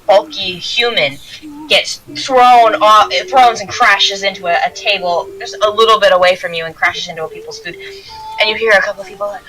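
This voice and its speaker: Bright-voiced woman game master. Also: mid-range voice, brisk, rough recording. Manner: rambling, many restarts and fillers. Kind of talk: narrating a tabletop game.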